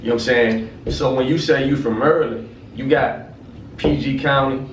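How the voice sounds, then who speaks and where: A man from the Midwest spins animated, profane stories and jumps up in pitch when he quotes people. His mid-range voice sounds far from the mic in an echoey room. There is a faint layer of background noise. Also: normal speed. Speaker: vlog host. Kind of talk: casual conversation.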